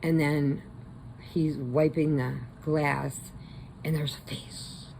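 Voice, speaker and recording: A woman tells a horror movie plot in a loose, rambling way and drops into quick voices. Her voice sits low with a gravelly fry. A faint hiss runs behind her. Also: flat delivery, darkish tone, low-quality recording. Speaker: crochet channel host. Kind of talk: casual movie retelling.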